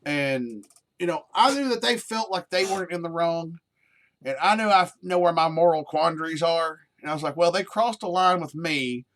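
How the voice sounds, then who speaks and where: A man's voice: on the high side, normal speed, fairly bright tone. A man chatting casually and profanely while streaming a game. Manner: rambling, profane, easygoing. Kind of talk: casual live-stream chat.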